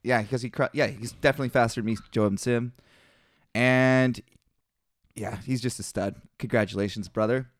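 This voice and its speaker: A man's voice: medium pitch, normal speed, no echo. Profane ranting man, dry mic. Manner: profane, ranting, animated storytelling. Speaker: podcast host. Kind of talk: casual podcast chat.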